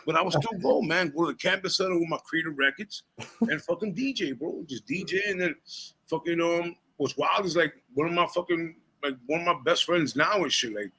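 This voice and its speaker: A man's voice: fairly high pitch, a little fast, a little hiss or hum, rough recording. A man in his forties, a rapper and DJ, telling stories in a casual interview, swearing freely and laughing between lines. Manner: profane, animated storyteller who laughs between lines.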